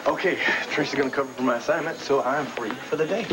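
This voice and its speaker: A man's voice: mid-range voice, quick pace, natural voice. An actor playing a playful, joking young man in a 1980s TV soap opera. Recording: hissy old TV broadcast recording.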